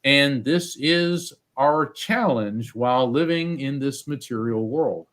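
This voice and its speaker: Male guest, mid-pitched, chatty storyteller who slips into quoted voices. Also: takes it slowly, fairly bright tone. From United States. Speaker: psychic medium guest. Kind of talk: storytelling interview.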